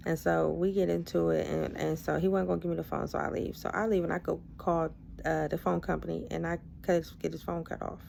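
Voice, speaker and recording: A woman's voice: lowish voice, fairly quick, gravelly, few pauses, slight background noise. A woman vlogger casually telling a personal story, loose and conversational, full of asides. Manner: animated, acts out both sides of a past argument.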